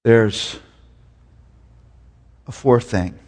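A man preaching a sermon, swinging between loud emphatic peaks and hushed low lines. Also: drawn-out words, big-room sound.

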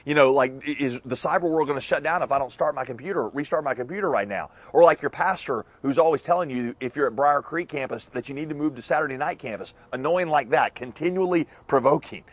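A pastor delivers a sermon in a chatty, joking way, with lots of asides. His voice is slightly husky and pitched a bit high for a man. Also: fast, hardly any pauses, dry recording.

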